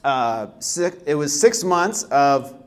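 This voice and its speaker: A man's voice: on the high side, very animated, slow. A young man speaking to a workshop audience. His delivery is casual and loose, full of fillers and restarts. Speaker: presenter at a healthy living workshop. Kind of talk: live presentation talk. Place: workshop room.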